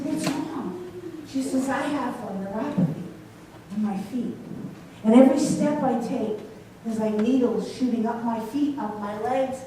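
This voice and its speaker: A woman preaches to her congregation, her high voice ringing through a very echoey sanctuary. She's recorded from some distance off, with faint background noise underneath, and she keeps pulling listeners in with questions and personal stories. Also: warm tone. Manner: storytelling, asks congregation questions. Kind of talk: sermon. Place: church sanctuary.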